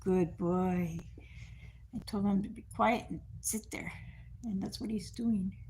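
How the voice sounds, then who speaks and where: A woman's voice: medium pitch, fairly even intonation, moderate pace, slight background noise. An older woman telling family stories on a livestream, laughing often and putting on the voices of her relatives. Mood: commanding. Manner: firm commands to a dog. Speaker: livestream host. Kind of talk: casual storytelling on a livestream.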